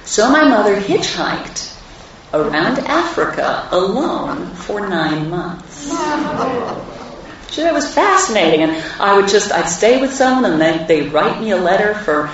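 A woman's voice: medium pitch, very animated, measured pace, a little hiss or hum. A woman telling personal stories to a live audience with wry humor, recorded from a distance in a large hall. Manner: warm anecdotal, wry humor. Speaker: speaker at a live talk event. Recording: echoey hall, distant mic, dull sound.

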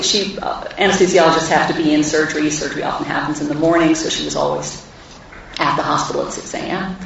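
A woman with a low, gravelly voice tells personal anecdotes with warmth and wry humor to a live audience at a talk event. She's recorded from afar in a big echoey hall, so the sound is dull, with slight background noise.

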